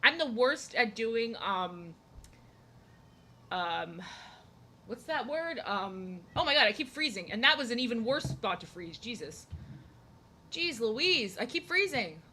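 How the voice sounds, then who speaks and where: A woman's voice: a little high, big pitch swings, slow pace, long pauses, bright, forceful tone, a little hiss or hum. A young woman art streamer chatting casually while she draws, rambling and self-deprecating with lots of fillers and restarts.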